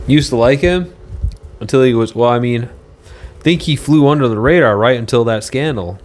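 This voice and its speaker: A man's voice: mid-range voice, a little hiss or hum. Rambling man on a livestream. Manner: rambling, halting, reads viewer comments aloud. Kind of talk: casual livestream chat. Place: motel room.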